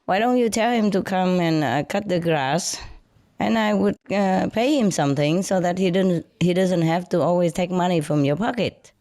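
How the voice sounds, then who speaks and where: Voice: medium pitch, normal speed, a little mellow, no echo, studio quality. A speaker whose first language is not English, telling a casual anecdote to a friend in broken grammar, often laughing and growing indignant. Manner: frequent fillers like you know and yeah. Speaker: storyteller.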